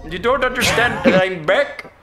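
A man's voice: high-pitched, normal speed, sharp tone, faint music behind. A man voicing a bumbling male subscription service operator who rambles into absurd talk. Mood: mock indignant.

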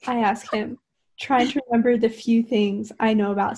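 A woman's voice: on the high side, steady tone, normal speed, a little mellow. A woman reading a novel aloud over a video call, trying not to giggle. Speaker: reader in a group reading.

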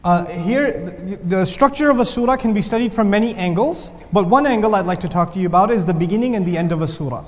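A male teacher with a notably high voice lectures students in a big, echoing hall. He keeps things animated with joking asides, then drives points home by repeating them. The long reverb of the room trails after each phrase. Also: fast talker, hardly any pauses. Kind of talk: lively lecture with humor.

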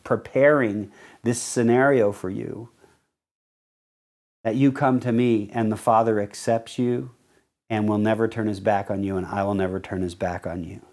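A male pastor preaching a sermon, explaining verses in an earnest teaching manner and reading scripture slowly with stressed key words. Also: on the low side, steady tone, darkish tone.

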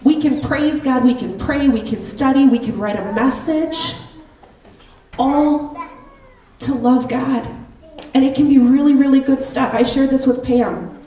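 A woman giving an earnest, personal sermon in a church, slow and reflective. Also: high-pitched, mellow. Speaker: lay preacher. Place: church sanctuary. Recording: roomy church hall, distant mic.

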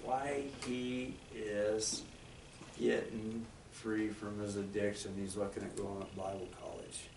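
A man preaching a folksy, excitable sermon as a guest speaker in a church hall. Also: lowish voice, slow, background noise. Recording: echoey hall, mic from a distance.

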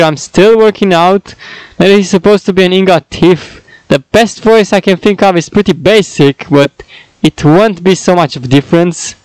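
A man's voice: fairly high pitch, a little mellow, clean tone, no echo, rough recording. A young man casually commenting on his own character voices, self-critical and rambling.

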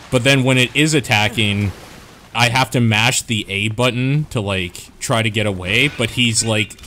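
Man co-op gamer, fairly low voice, wry and sarcastic, casual commentary. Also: fairly bright tone, slight background noise.

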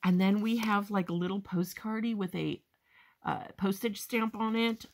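A woman hosting a crafting haul video, chatting casually and gushing with excitement, often calling her viewers "guys". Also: medium pitch, moderate pace. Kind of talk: casual show-and-tell haul chat.

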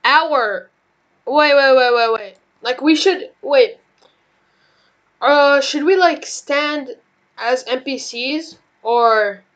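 A young woman with a fairly high voice, chatting and reacting loudly while she plays a game online. She is excitable and swears freely as she goes, in loose casual commentary. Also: takes it slowly, low-quality recording. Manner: loud, excitable, swears often. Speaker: gaming channel host.

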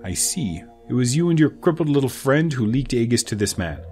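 A man's voice: medium pitch, sing-song, a little fast, a little mellow, faint music behind, lightly acted. A man voicing a cold, formal wealthy father with a clipped, icy manner.

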